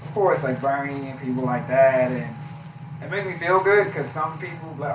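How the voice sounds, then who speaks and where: A man guesting as a comedian on a podcast, talking fast and playfully and doing quick voices for people in his stories. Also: medium pitch. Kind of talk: casual chat. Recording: echoey room, mic far off, noisy background.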